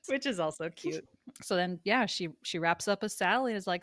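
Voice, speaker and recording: A woman's voice: lowish voice, lively intonation, normal speed, no room sound, studio quality. A woman co-hosting a casual podcast, retelling a TV episode with laughs and putting on the characters' lines. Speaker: podcast co-host recapping a TV episode. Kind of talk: casual chat.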